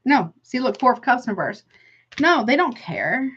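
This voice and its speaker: A woman's voice: on the high side, big pitch swings, unhurried, fairly bright tone, husky, highs cut off. A woman giving a casual tarot reading, blunt and emphatic, often exclaiming and calling the listener honey. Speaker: tarot reader.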